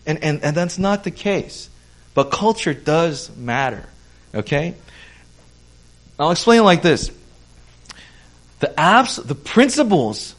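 Man preaching in a chatty, higher voice. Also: a bit bright. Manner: explains step by step, checks in with "okay?", acts out quoted people. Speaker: pastor. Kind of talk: conversational Bible teaching sermon.

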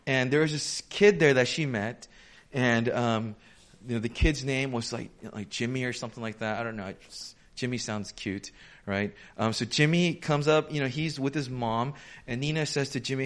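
A man preaching a sermon in a conversational, animated way, acting out quoted voices as he goes. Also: medium pitch. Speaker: pastor.

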